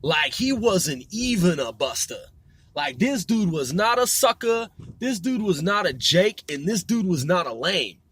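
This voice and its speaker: A husky, somewhat bright voice that sits high belongs to a man in his forties hosting a mobile podcast from a moving car. Very animated but speaking at a measured pace, he rambles casually as he drives, with heavy swearing and frequent self-corrections.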